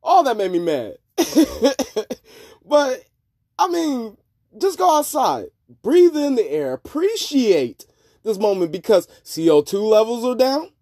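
A man's voice: sing-song, slow, no echo. Podcast guy ranting and cussing, voice jumps all over, dry close mic. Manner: profane, rambling, swings between low mutters and loud outbursts. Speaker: podcast host. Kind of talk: casual monologue.

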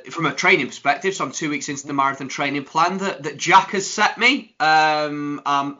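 A man co-hosting a casual podcast, jokey and energetic, teasing his co-host. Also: medium pitch, lo-fi sound.

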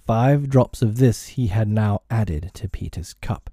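Brief: male audiobook narrator, expressive, warm low timbre, dry close sound. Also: measured pace, no room sound. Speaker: audiobook reader. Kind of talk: storybook narration.

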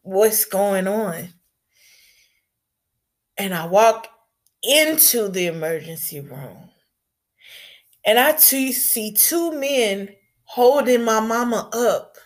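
A woman with an animated voice on the high side tells an audience a personal story. She's casual and blunt, halting and repeating her words, with a touch of swearing.

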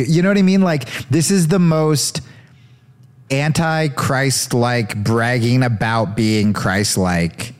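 A man's voice: medium pitch, slow pace, clean tone. A man hosting a show, riffing sarcastically as he comments on video clips. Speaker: comedian host.

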